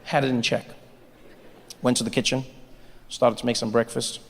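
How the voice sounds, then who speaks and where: A man's voice: mid-range voice, moderate pace, a little hiss or hum. A man performing stand-up comedy, telling a story and acting out the people in it. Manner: animated storytelling, acting out voices. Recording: live hall with reverb, faint ambience.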